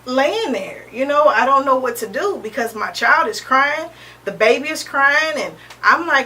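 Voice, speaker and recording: A woman in her thirties, an interview guest sharing a personal testimony in a halting, earnest way, often pausing with "um" and restarting. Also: high voice, expressive, pushed and bright. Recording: distant mic with faint background noise.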